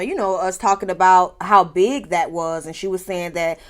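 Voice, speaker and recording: A woman giving a sassy, animated, casual recap of a reality show, laughing often and talking straight to her viewers. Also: on the low side, moderate pace.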